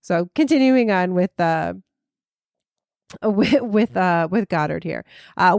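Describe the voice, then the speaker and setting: A woman co-hosts a casual podcast, her voice sitting on the lower side and recorded dry and close. She talks in a chatty, easygoing way and laughs readily as she presents each case. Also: expressive, slow, gravelly, long pauses, a little mellow, no echo. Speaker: podcast co-host.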